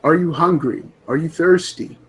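A man playing a tabletop game, asking calm, coaxing questions in character. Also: on the high side, normal speed, husky. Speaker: player.

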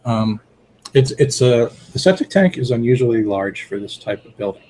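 A man's voice: mid-range voice, lively intonation, normal speed, mellow, a little hiss or hum, low-quality recording. A man running a tabletop horror game as game master, describing scenes hesitantly with many fillers.

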